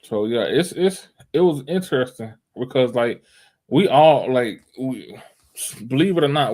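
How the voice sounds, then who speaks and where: Man in his thirties podcast host, lively, acts out little quotes, chatty. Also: medium pitch, measured pace. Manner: animated, acts out quotes, restarts phrases. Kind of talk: casual podcast chat.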